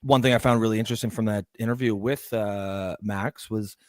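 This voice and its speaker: A man's voice: fairly low pitch, steady tone, a little fast, no room sound. A man co-hosting a livestream, chatting casually and hesitantly with many fillers while reading out viewer comments. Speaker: livestream co-host. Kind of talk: casual political chat.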